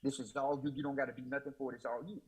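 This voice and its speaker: In a low-quality recording, a guest speaks in a mid-range voice that barely moves in pitch, racing along. He tells his own faith testimony with emotion and repetition, in the cadence of Southern US Black church speech, repeatedly quoting himself: "I said."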